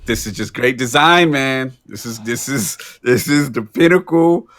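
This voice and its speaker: A man co-hosting a gaming podcast in casual chat, agreeable and animated, chiming in and riffing along. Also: medium pitch, no room sound. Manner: agreeable, animated, quick to laugh. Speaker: podcast co-host.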